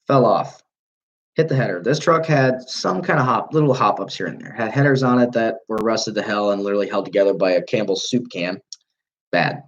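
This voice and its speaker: A man's voice: medium pitch, lo-fi sound. A young man hosting a livestream, telling a long story casually with plenty of swearing and mid-sentence corrections. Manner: rambling, profane, self-correcting. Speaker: livestream host.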